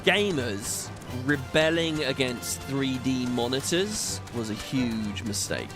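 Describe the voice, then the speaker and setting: A man's voice: mid-range voice, animated, slow. A man hosting a gaming video, giving rambling, opinionated playthrough commentary. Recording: game music behind voice.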